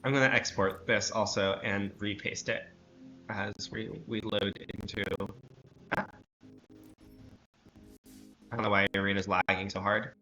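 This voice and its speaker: A man's voice: on the low side, fairly even intonation, a little slow, long pauses, bright, forceful tone, highs cut off, soft background music. A man streaming a card game, chatting casually, rambling and correcting himself with dry sarcasm. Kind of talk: casual gameplay chat.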